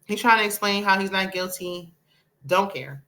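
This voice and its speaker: A woman's voice: medium pitch, moderate pace, heavy background noise. A woman, giving sassy, opinionated casual commentary on a reality show and talking back at the screen.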